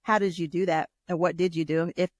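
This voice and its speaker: A woman's voice: fairly low pitch, steady tone, a little fast, no echo, studio quality. A woman hosting a podcast interview, asking empathetic, rambling questions full of fillers. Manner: warm-hearted, rambling questions with many fillers. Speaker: podcast host.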